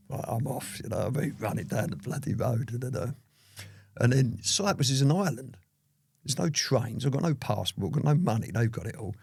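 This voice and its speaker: Geezer telling old stories to his daughter, gravelly husky voice, dry close sound. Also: on the low side, dry recording. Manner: lively anecdotal storytelling, full of "you know what I mean". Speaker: father telling his life story to his daughter. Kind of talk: casual storytelling interview.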